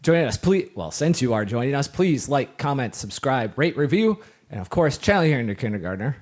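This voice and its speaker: Upbeat middle-aged dad co-hosting. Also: male voice, mid-range voice, very animated, fairly quick, a little mellow. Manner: upbeat, laughs often, rambling restarts. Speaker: co-host, father. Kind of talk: casual podcast chat.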